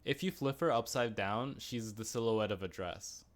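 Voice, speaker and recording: A man's voice: fairly low pitch, moderate pace. Chatty man reviewing a show. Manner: chatty, rambling, with frequent restarts and asides. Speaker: podcast co-host. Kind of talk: casual chat reviewing a TV episode.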